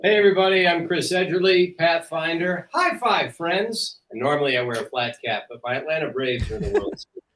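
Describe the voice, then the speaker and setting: A man's voice: a little high, brisk, fairly bright tone, slight background noise, low-quality recording. A man voice actor, chatting on a livestream in an upbeat, friendly way. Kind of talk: casual livestream chat.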